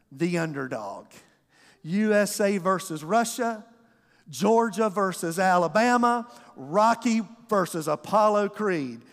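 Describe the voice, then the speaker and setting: A male pastor, preaching a storytelling sermon to his congregation and acting out the voices. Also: high-pitched. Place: church sanctuary. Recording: long hall reverb.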